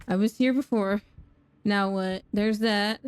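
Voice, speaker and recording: A woman's voice: mid-range voice, steady tone, unhurried, clear, resonant tone. A young woman streaming a horror game, talking to chat, laughing and shrieking at danger. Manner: talks to chat, self-mocking. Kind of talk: live gameplay commentary.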